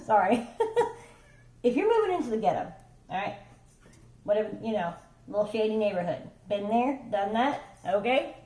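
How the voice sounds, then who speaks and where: A woman with a somewhat high voice talks through a tarot reading in a loose, rambling way. She keeps checking in with her listener and swears offhandedly. The room around her is noticeably echoey. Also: a little mellow. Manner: rambling, conversational, swears casually, checks in with "okay?" and "right?". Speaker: tarot reader. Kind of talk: casual tarot reading monologue.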